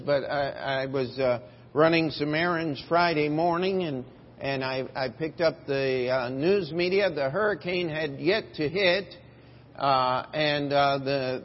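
Guy pastor preaching slow in a big echoey church, kinda dull muffled recording. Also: fairly high pitch, husky. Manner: emphatic preaching, rising for scripture quotes. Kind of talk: sermon. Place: church sanctuary.

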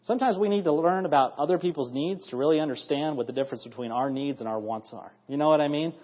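A man in his thirties delivers an evening sermon in a fairly high, slightly husky voice. He talks earnestly and keeps climbing into emphatic runs of praise. The recording is dull and lo-fi, with the long reverb of a church hall. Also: fast talker. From United States. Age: 30s. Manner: earnest, building to emphatic bursts with repeated praise. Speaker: preacher. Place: church sanctuary.

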